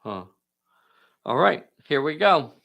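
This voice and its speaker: A man's voice: on the high side, big pitch swings, slow, vocal fry, highs cut off. A man hosting and narrating a live tabletop game in a folksy, enthusiastic way, talking to viewers. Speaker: game master and host.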